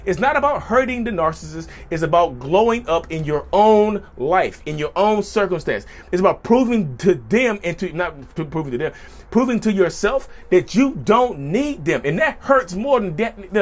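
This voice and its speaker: Animated, high-voiced man talking to viewers. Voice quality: voice sometimes cracks high. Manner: animated, repeats phrases, addresses viewers as y'all. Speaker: YouTube channel host. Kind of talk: casual monologue to camera.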